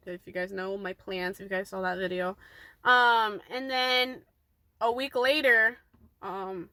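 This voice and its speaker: A woman's voice: high voice, pushed and bright, dry recording. A young woman telling a rambling, chatty story-time vlog, full of fillers and tossing in Spanish words. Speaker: vlogger.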